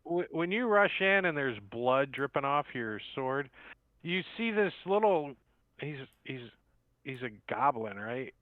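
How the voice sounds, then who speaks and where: A man runs a tabletop session as game master, his voice rising and falling in a lively sweep as he rambles through each scene. He sounds dry and tinny, as if heard over a phone line. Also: medium pitch, a little slow, dry recording. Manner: rambling, laid-back scene narration.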